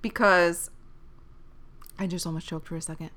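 A young woman with a bright, crisp voice hosts her podcast in a loose, rambling way. She gives blunt big-sister advice, swears casually and corrects herself as she goes. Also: fairly low pitch, fairly even intonation, normal speed. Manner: chatty, rambling, self-correcting. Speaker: podcast host.

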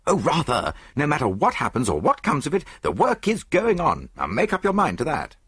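Man voicing a nervous earnest young gentleman, slightly higher, husky, lively. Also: brisk, dry recording, clean studio sound, heavily acted. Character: nervous young English aristocrat, 22, eager.

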